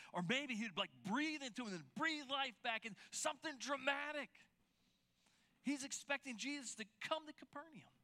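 A man preaching a sermon as a pastor, talking conversationally with many restarts and dropping at times to a near whisper. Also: extremely high pitch. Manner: conversational, animated, with repeated restarts and swings from loud to near-whispered.

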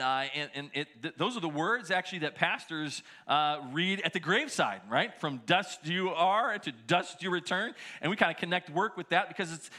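Middle-aged pastor guy preaching, high bright voice, chatty story-telling, trips over his words a lot. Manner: storytelling, animated, shouting quoted lines. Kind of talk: sermon.

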